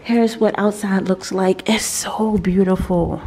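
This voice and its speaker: A woman's voice: medium pitch, steady tone, slow pace, dark tone, husky. A woman vlogger giving a casual house tour, chatting and laughing often as she thinks aloud. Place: indoors in a large vacation house, later on a deck. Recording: background music under the voice.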